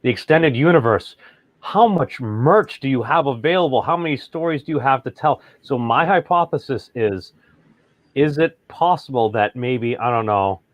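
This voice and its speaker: A man's voice: medium pitch, lively intonation, moderate pace, no room sound, highs cut off. A man co-hosting a casual chat, rambling and hedging with lots of filler words. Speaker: podcast co-host.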